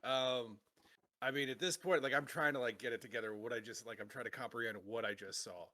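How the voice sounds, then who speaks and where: A man's voice: mid-range voice, fairly quick, pushed and bright. A man playing a tabletop game, rambling with lots of fillers and laughs. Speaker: player. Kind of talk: casual tabletop role-play.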